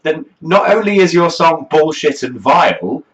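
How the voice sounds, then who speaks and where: A man's voice: a little high, expressive, moderate pace, fairly bright tone, highs cut off, slight background noise. A man delivering a profane comedic rant as a music review host, swearing constantly in a mocking, exasperated way.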